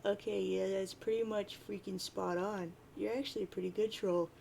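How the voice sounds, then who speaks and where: A woman doing a brash bird-fused teen boy, cocky, offhand, a little gravelly. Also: medium pitch, fairly even intonation, moderate pace, darkish tone, a little hiss or hum. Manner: reading chat lines aloud in a near-plain voice.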